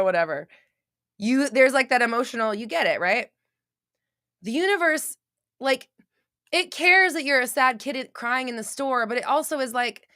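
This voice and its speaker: This podcast host's voice sits fairly high and a bit bright, recorded cleanly in a studio without echo. She chats live and casually with listeners, speaking frankly, cursing a lot, restarting sentences amid plenty of fillers, and playing out small scenes by quoting voices.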